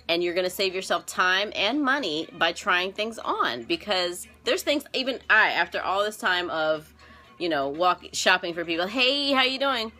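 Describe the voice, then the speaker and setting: A woman wardrobe stylist hosting a casual live stream, bubbly and quick to laugh as she greets viewers by name. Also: fairly low pitch, bright, forceful tone.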